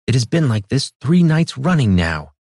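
A man's voice: medium pitch, sing-song, moderate pace, a little mellow, dry recording, studio quality, pitched above the performer's own voice. A man voicing a timid, nervous male cobbler in a fantasy audiobook, pleading and anxious.

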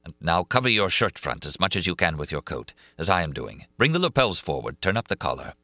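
A man's voice: sits low, very animated, brisk, sharp tone, no room sound, exaggerated voice. A man playing a grave, sad mysterious stranger. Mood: instructing. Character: grave older foreign man, sad and secretive.

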